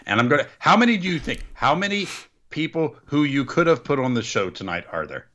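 A man's voice: fairly high pitch, big pitch swings, brisk, a bit bright. A man co-hosting a casual wrestling podcast, making dry joking asides. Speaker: podcast co-host. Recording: dull lo-fi sound.

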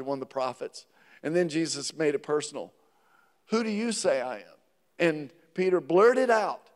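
Male preacher, high-pitched, call-and-response delivery, long church-hall reverb. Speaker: pastor. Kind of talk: sermon. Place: church sanctuary.

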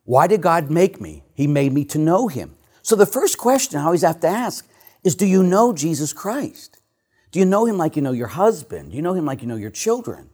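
Priest, 50s or older, animated preacher who laughs at himself, lively swooping delivery. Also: male voice, a little high, moderate pace, slightly rough. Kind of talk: sermon.

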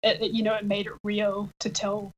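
A woman telling a personal story in casual chat, reflective, with fillers and pauses. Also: medium pitch, completely flat delivery, dull audio. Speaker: partner sharing a personal story.

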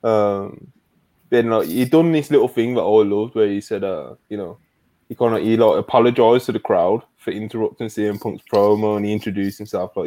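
A man's voice: on the low side, a little fast. A man co-hosting a wrestling podcast, telling it casually with lots of slang and swearing. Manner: animated, slangy, swears a lot, says "bro" often. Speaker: podcast co-host. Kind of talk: casual wrestling review chat.

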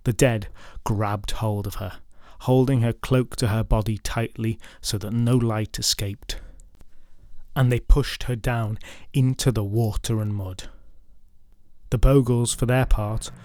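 A man narrating a folklore podcast story, mixing dramatic retelling with wry, deadpan comic asides. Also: fairly low pitch, unhurried, no room sound, studio quality.

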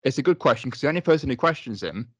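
A man co-hosting a casual review chat, agreeable and quick with short affirmations. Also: mid-range voice, animated, breathy edge, no echo. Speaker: podcast co-host.

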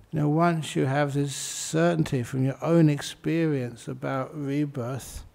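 A male meditation teacher gives a dharma talk in a heavily gravelly, fry-laden voice. His tone is dark and mellow, with no edge at all. He tells his stories in an easygoing, anecdotal way, as if chatting with the room. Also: medium pitch. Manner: relaxed anecdotal storytelling.

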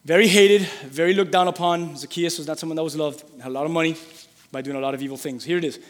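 Pastor, male, high voice, lively sermon delivery with call-and-response, church hall reverb. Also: fast. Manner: lively, calls for congregation responses, reads scripture aloud.

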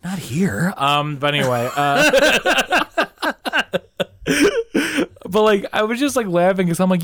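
A man hosting a casual podcast, telling a story in a rambling, animated way with lots of fillers and swearing. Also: sits high, measured pace, long pauses, dry recording, clean studio sound. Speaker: podcast host. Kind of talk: casual chat.

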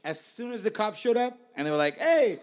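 Podcast co-host from Puerto Rico, higher-pitched man, animated storyteller. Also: quick pace. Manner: lively storyteller, acts out voices. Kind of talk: casual podcast chat.

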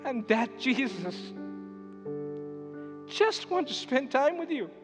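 Pastor guy preaching, high-ish voice, church echo, music playing behind. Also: sing-song, takes it slowly. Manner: emphatic preaching, storytelling asides. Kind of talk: sermon. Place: church sanctuary. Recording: echoey church hall with music underneath.

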